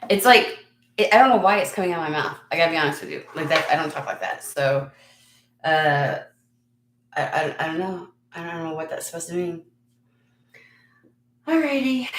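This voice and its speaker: A lower-voiced woman talks her way through a casual tarot reading in a frank, chatty manner, swearing freely and laughing at herself. Her voice bounces around a roomy space, with a faint hiss behind it. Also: lively intonation, moderate pace, long pauses. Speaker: tarot reader and channel host. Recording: echoey room with faint noise.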